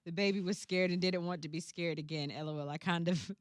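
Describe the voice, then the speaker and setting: A woman's voice: on the low side, fast, no echo, clean studio sound. A young woman co-hosting a talk show, chatting casually in slangy, colloquial speech and telling stories with voiced quotes. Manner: animated, laughing, storytelling with voiced quotes. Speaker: radio co-host. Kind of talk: casual chat.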